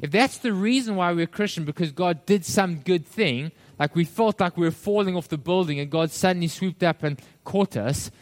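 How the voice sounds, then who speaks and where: A male pastor with a slightly high voice preaches a sermon, calling his listeners friends and acting out the quoted voices with animated shifts.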